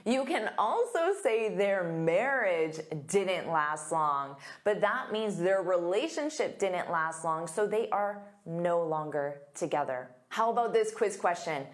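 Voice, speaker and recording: A woman teaching an English lesson, speaking slowly with careful, deliberate enunciation. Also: lowish voice, expressive. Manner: slow, deliberate, clear enunciation.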